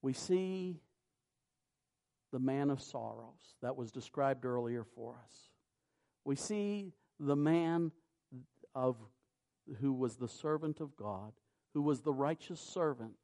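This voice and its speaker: A man preaching a sermon, reading scripture in a measured cadence and rising to loud, emphatic peaks. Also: medium pitch, expressive, gravelly.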